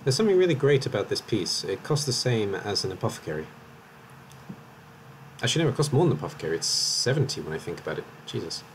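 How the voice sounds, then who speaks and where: A man's voice: fairly low pitch, big pitch swings, quick pace, slight background noise, rough recording. A man from Wales with a slight Welsh accent, commentating live on his game in a chatty, rambling way and often correcting himself. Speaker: streamer.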